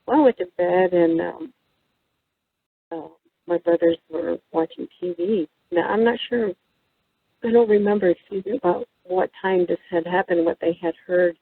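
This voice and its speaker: A woman's voice: on the low side, normal speed, gravelly, husky, no echo. A woman from New Mexico telling a story as a guest, rambling and hesitant with many ums and restarts. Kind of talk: casual storytelling in an interview. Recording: tinny phone-line sound, dry.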